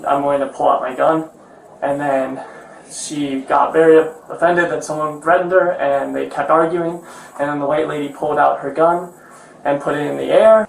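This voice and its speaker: A man calmly and somewhat hesitantly telling police what he saw, recorded on a police body camera. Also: a little high, vocal fry. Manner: hesitant, retelling events with fillers. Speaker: witness. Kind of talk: witness statement to police. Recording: echoey, noisy body camera audio.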